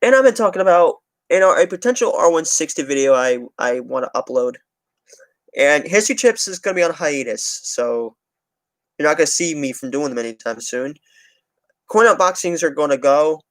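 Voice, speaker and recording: A young man, chatting on a livestream in a rambling way full of restarts and curse words. His voice sits fairly high for a man. The sound is close and dry. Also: lively intonation, moderate pace, dry recording. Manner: rambling, heavy swearing, restarts. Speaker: transit channel streamer. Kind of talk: casual livestream chat.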